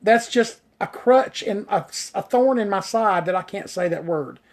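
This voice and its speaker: With a high voice, lively intonation, and an unhurried pace, a hairstylist chats on a live stream and takes viewer comments. His talk is enthusiastic and meandering, heavy on "you know," and he fumbles difficult words.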